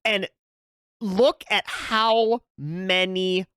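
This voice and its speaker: A woman's voice: medium pitch, fairly even intonation, drawn-out words, a bit bright, clear, resonant tone, dry recording, clean studio sound. A woman co-hosting a gaming news podcast in casual chat, laughing often and swearing casually. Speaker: podcast co-host.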